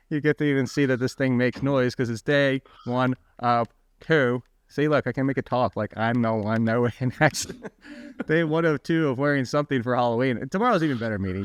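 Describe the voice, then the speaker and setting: A man's voice: medium pitch, smooth, no echo. Chatty male fantasy football podcast host. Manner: chatty and animated, with quick asides to the co-host. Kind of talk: casual podcast chat.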